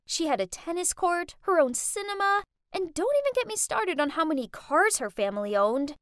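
A young woman narrating a first-person animated story in a dramatic, emotional way. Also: extremely high pitch, normal speed, no room sound.

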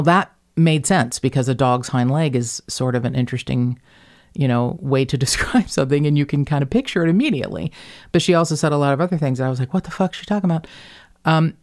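Chatty woman with slight Kentucky lilt. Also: low voice. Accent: slight Northern Kentucky. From Northern Kentucky. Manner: animated, rambling storyteller. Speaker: podcast host. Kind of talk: casual podcast chat.

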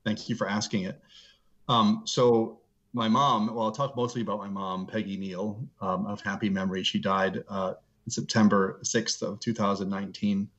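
Man, middle-aged, low voice, muffled video call sound, earnest storytelling guest. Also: flat delivery, moderate pace, a bit bright. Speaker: guest, seminary professor. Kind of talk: reflective interview storytelling. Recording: dull lo-fi video call audio.

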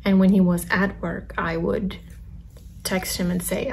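A young woman telling a personal story to camera while eating, in a soft, halting, confessional way with many pauses and ums. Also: fairly low pitch, flat delivery, vocal fry, a little hiss or hum. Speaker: vlogger.

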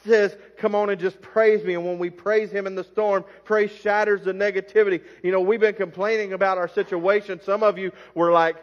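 A middle-aged man preaching a sermon as pastor, swinging between loud calls and quiet asides. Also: sits high, flat delivery, a little fast, few pauses. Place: church sanctuary. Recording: dull lo-fi church recording with long reverb.

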